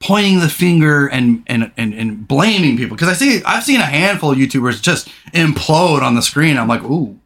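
A middle-aged man hosting a podcast in casual chat, rambling, candid and quick to swear. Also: on the high side, very animated, a bit bright. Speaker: podcast host.

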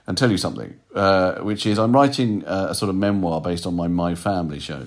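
A man in casual conversation, telling long anecdotes in a lively, animated way. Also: sits low, brisk. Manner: animated storytelling, quotes people in put-on voices. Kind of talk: casual chat.

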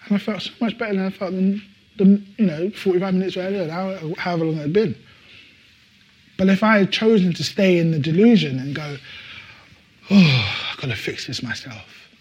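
Husky-voiced preaching man, emphatic. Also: high voice, a little fast, lo-fi sound. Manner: animated, emphatic preaching with repetitions and laughs. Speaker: pastor. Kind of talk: sermon. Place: church service.

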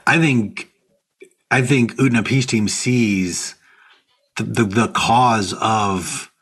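A man's voice: on the low side, a bit bright, slightly rough. A man co-hosting a podcast, discussing books thoughtfully and casually. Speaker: podcast co-host.

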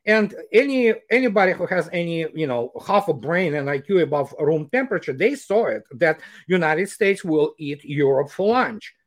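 A man speaks in a high voice, talking animatedly and sardonically in a casual interview. He stops often on fillers before pressing his point. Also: expressive, moderate pace, hardly any pauses. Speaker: guest commentator.

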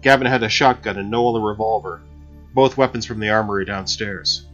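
A man narrating an audiobook in a steady, measured reading. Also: on the low side. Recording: slightly dull recording with faint music.

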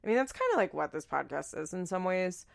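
Woman in her 30s doing a solo podcast, kinda low gravelly voice, rambly and chatty, jokes about herself a lot. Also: big pitch swings, brisk. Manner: chatty, self-deprecating, rambling with many fillers. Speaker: podcast host. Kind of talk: casual solo podcast chat.

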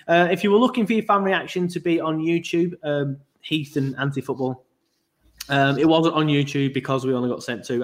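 Man, fairly high voice, chatty podcast host, rambling. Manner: rambling and chatty, with many ums and asides. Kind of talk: casual chat.

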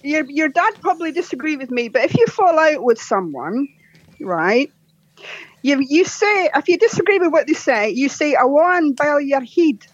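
A woman's voice: high voice, sing-song, moderate pace, no echo, lo-fi sound. A Scottish woman from Scotland, a teacher, chatting as a guest over a video call and laughing at her own stories. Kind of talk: casual chat.

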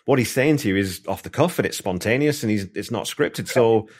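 A man's voice: fairly low pitch, fairly quick, darkish tone, breathy edge. A man hosting an interview, chatty and enthusiastic, rambling through his thoughts with restarts. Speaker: podcast host. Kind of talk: casual interview chat.

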